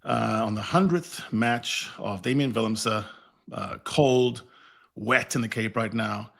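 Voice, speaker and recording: A man with a fairly low voice talks rugby on a podcast. He chats casually and leans into wry, joking storytelling as he breaks down matches. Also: slow pace, gravelly, a bit bright. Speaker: podcast co-host.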